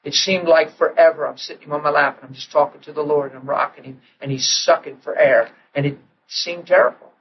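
A male preacher tells a personal story in the middle of a sermon, acting out the quotes and sinking to a soft hush when the story turns tender. His voice sits fairly high for a man. The recording is dull and lo-fi, with faint ambience behind him. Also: brisk, slight background noise. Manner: animated storyteller who acts out quotes and drops to a hush in tender moments.

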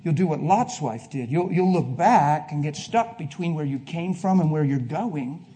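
A preacher giving a sermon to a congregation, telling a personal story, going from hushed to loud. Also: male voice, fairly high pitch, animated, moderate pace. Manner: emphatic, swings from hushed to loud. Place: before a live congregation.

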